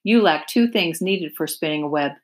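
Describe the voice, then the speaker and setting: A woman reading aloud, voicing a wise, patient female spider with a calm, measured, instructive voice. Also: low-pitched.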